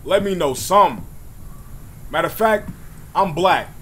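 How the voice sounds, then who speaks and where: A man with a high voice plays a horror game for his channel and reacts out loud the whole way. His voice is hoarse from screaming, and he yells and curses at each scare. Faint noise sits behind him. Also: animated, measured pace. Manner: jumpy, loud, yelling and swearing at scares. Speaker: gaming channel host.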